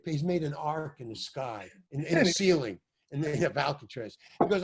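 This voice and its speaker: An older man, an actor, telling animated, rambling stories as a podcast guest, swearing and restarting his sentences. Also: on the high side, a little fast, gravelly, few pauses, husky. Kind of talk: storytelling in a podcast interview.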